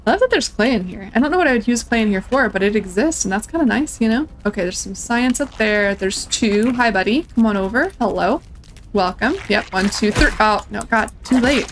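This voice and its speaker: Speaking at a brisk clip with a medium-pitched, expressive voice, this gameplay streamer keeps up a chatty, playful let's-play commentary. She's a young woman addressing enemies and viewers alike, and there's a bit of background noise.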